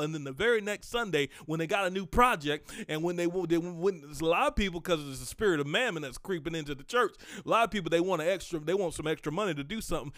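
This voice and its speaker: A man giving a casual teaching sermon in a folksy, animated way, joking with his listeners. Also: high-pitched, fairly quick, few pauses, no room sound, studio quality. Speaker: preacher.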